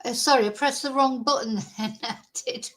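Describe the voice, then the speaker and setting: A woman's voice: on the high side, normal speed, fairly bright tone. A woman hosting a casual livestream. She rambles chattily and thanks viewers as she goes. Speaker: livestream host.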